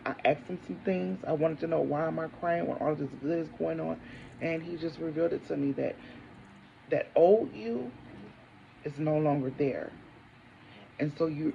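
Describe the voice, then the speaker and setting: Woman vlogger, thirties, gravel in a dark, mellow voice, preachy home testimony, slightly muffled phone audio. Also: low-pitched, a little hiss or hum. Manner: preachy, declaring faith, talks to viewers as honey. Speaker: vlogger, single mother. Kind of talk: casual testimony vlog. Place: home, indoors.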